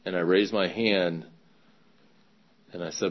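A man candidly telling his own recovery story in a conversational testimony, pausing often. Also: low-pitched, steady tone, gravelly, highs cut off. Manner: candid, conversational, many fillers and pauses. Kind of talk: personal testimony talk.

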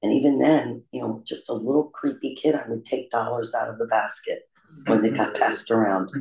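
A man candidly telling his own recovery story in a confessional, self-deprecating way, with frequent pauses and "um" fillers. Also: medium pitch, steady tone, vocal fry, darkish tone. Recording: roomy echo.

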